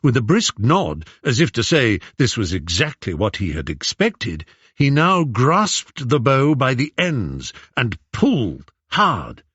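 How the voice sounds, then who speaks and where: A man with an English accent narrating a story, expressive and animated in his pitch. His pace is slow and his voice slightly husky. The recording is dry and a touch dull. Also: no room sound. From England. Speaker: audiobook narrator. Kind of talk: scripted narration.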